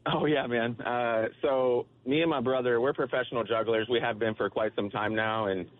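A man's voice: mid-range voice, fairly even intonation, normal speed. A man calling in to a radio show, telling a story in an easygoing, laid-back way. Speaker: caller. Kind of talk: phone-in storytelling. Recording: tinny phone line.

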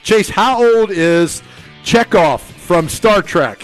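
Guy with a pretty high voice running a birthday quiz on morning radio, light music under it. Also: animated, rough recording. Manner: quizzing co-hosts, quick banter. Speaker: radio show host. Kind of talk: casual radio chat.

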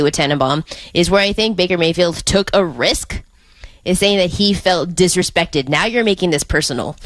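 A woman co-hosting a sports talk radio show, laying out her argument in a measured, step-by-step way. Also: fairly low pitch, dry recording. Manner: measured, methodical, building her points step by step. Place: radio studio.

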